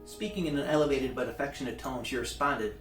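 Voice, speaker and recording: A man reading a novel aloud in a relaxed way, with small restarts. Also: mid-range voice, quick pace. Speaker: reader. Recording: roomy, distant mic, faint guitar music.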